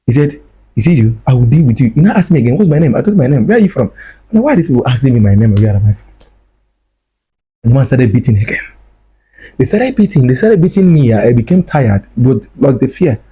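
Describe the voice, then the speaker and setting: Male guest, warm husky voice, emotional storyteller who repeats himself. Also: mid-range voice, poor audio. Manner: repeats phrases, acts out dialogue. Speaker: guest recounting his ordeal. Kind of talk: emotional first-person storytelling.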